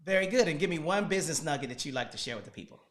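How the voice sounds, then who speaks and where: A man's voice: on the high side, animated, very fast, a bit bright. A man hosting a casual business livestream who prompts his kids with coaxing questions and then talks straight to viewers, repeating "guys.". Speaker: host and parent coaching his kids.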